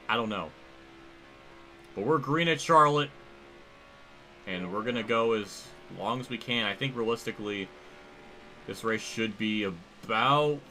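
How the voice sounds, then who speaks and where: A man's voice: on the low side, sharp tone. A man livestreaming a sim-racing game, commenting casually and rambling, restarting his sentences and swearing now and then. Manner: rambling, casual, thinks aloud with frequent restarts.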